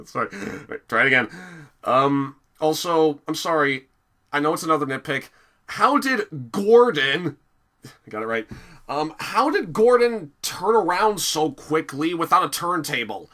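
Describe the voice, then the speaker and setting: Male reviewer, casual commentary, bright and lively, unhurried, giggly. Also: a little high. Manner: animated, giggly, many fillers.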